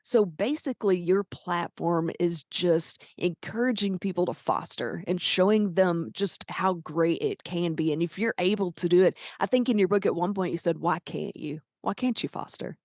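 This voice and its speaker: Southern-accented woman host, enthusiastic, lowish voice, dry close sound. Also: moderate pace, hardly any pauses, a little mellow, no room sound. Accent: Southern American. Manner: gushing, enthusiastic. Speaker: podcast host. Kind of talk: casual interview chat.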